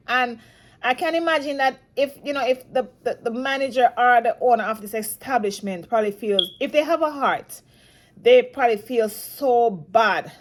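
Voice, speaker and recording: A woman from Jamaica talking through a news story in a casual, rambling commentary, restarting often and growing saddened as she goes. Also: a little high. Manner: emotional, saddened. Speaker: commentary vlogger.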